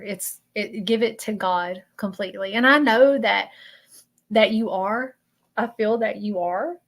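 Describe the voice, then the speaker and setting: A woman with a Southern US accent hosting a live stream of spiritual readings, talking in an emotional, halting way that repeats itself. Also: medium pitch, fairly bright tone. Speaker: host doing spiritual readings. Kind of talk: live-stream chat with viewers.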